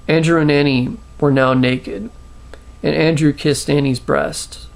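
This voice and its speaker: A man reading his own short story aloud, halting with restarts and fillers. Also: medium pitch, level tone. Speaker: storyteller, channel host.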